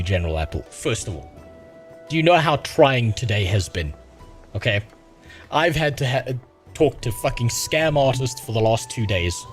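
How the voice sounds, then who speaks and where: A man streams a game live and keeps up an exasperated, profanity-heavy running commentary. His voice sits at an ordinary middle pitch, and quiet game music plays beneath him.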